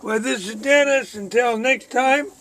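A man's voice: extremely high pitch, a little slow, a bit bright. A man giving a casual, easygoing vlog tour of his pigeon loft, chatting to the camera and coaxing his birds. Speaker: pigeon breeder vlogger. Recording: noisy loft with birds cooing.

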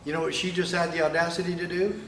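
Emphatic male speaker, highish and forceful, rhetorical and fiery, hall echo. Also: flat delivery, fast, recorded from a distance, slight background noise. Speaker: speaker at a sheriffs' event. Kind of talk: political speech. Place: event hall with audience. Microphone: microphone, sometimes stepping away. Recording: echoey hall.

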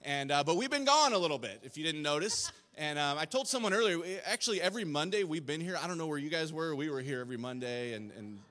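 A man on the church staff talking to the congregation, earnest and a little emotional, halting and restarting, recorded in a church sanctuary. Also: fairly high pitch, lively intonation, fairly bright tone. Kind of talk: casual address to congregation. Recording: long reverb of a church hall.

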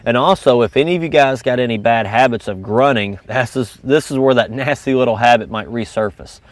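Guy coaching ya through it step by step, easygoing, normal pitch, dry no-room sound. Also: a little fast, no echo. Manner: casual, coaching, explains step by step. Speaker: goose calling instructor. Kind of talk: instructional video lesson.

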